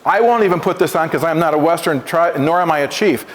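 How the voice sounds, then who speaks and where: A man's voice: fairly high pitch, fast. A man visiting a school as an Oneida presenter, teaching the class, often restarting words and asking them questions. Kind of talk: classroom presentation with call-and-repeat. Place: school room or hall. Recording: long hall reverb.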